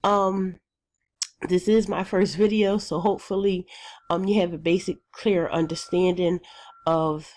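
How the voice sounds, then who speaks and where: A woman's voice: fairly even intonation, moderate pace. A woman teacher explaining a classroom phonics routine step by step, with plain, methodical talk and frequent ums. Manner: jumps higher and brighter when acting out chants.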